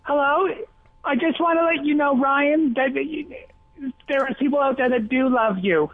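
A woman calling in to a radio show, speaking earnestly and a little haltingly, with over-the-top devotion. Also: high-pitched. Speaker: caller. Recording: tinny phone line, dry.

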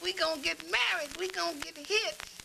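A man's voice: extremely high pitch, moderate pace, creaky, background noise, pitched above the performer's own voice, full character voice. A man doing a cheeky, jive-talking little boy. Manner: jive slang, sing-song.

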